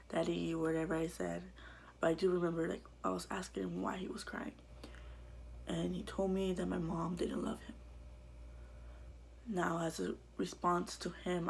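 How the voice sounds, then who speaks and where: A woman vlogger telling her own life story to camera in a halting, quiet way that often drops to a whisper. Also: fairly low pitch, creaky, slight background noise.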